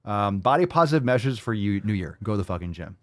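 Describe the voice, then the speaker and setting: A man's voice: on the low side, animated, quick pace. A man hosting a podcast, reacting to video clips with mocking, profane commentary. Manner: sarcastic, mocking, swears a lot. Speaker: podcast host.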